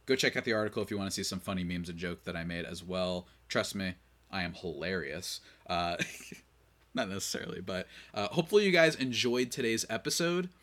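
A man with a fairly low voice hosts a casual sports podcast. He rants in an opinionated, exasperated way. He is worn out from barely sleeping. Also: a little fast, a bit bright. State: short on sleep. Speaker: podcast host.

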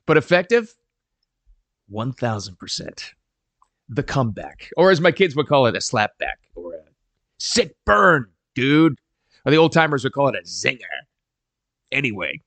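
A middle-aged man giving casual advice to camera, animated and emphatic. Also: mid-range voice, no echo. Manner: animated and emphatic, quoting people in voices. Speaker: parenting advice vlogger.

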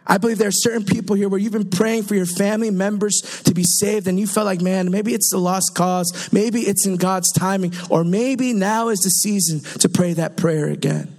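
A young man preaches to a congregation in a light, high-pitched voice. He tells his stories in a chatty, animated way, full of quick asides to the room. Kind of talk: sermon.

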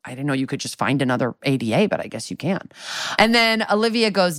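A woman's voice: low-pitched, very animated, quick pace, fairly bright tone, dry recording, studio quality. A woman co-hosting a podcast, chattily recapping a TV episode with sarcastic asides and quoted lines. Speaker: podcast co-host. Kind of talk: casual recap chat.

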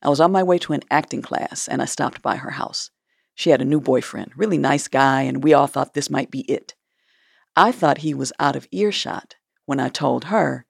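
A woman telling a personal story in a measured, low-key way, acting out the lines other people spoke. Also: animated, creaky, husky, dry recording, studio quality. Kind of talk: personal story told to listeners.

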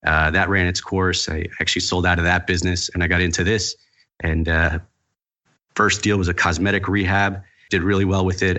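Very deep flat-voiced man with a cold. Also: highs cut off. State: fighting a cold. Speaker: podcast guest. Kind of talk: casual interview answers.

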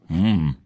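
A man's voice: deep voice, slight background noise. A man hosting a podcast in a studio, chatting casually, laughing easily and steering the conversation. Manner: relaxed, laughs easily, leads the segments. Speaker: podcast host. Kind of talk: casual chat.

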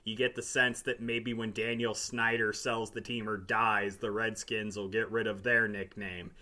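A sports podcast co-host speaking bluntly and sardonically in casual hockey talk, quick to get irritated. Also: male voice, on the low side, flat delivery, sharp tone.

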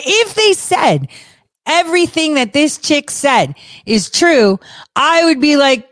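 A woman's voice: high-pitched, big pitch swings, takes it slowly, fairly bright tone, dry recording. A woman giving casual political commentary, blunt and sarcastic, swearing freely and laughing often.

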